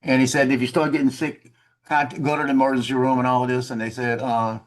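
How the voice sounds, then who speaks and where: A man's voice: medium pitch, level tone, fast. A man casually telling a story over a video call, rambling and repeating words, laughing at his own tale.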